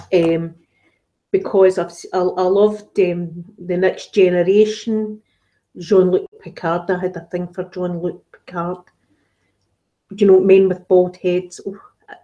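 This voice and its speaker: In a mellow mid-range voice, with the highs cut off in the recording, this ASMR host from Scotland rambles through viewer comments on a live chat. She's chatty and relaxed, using lots of filler words.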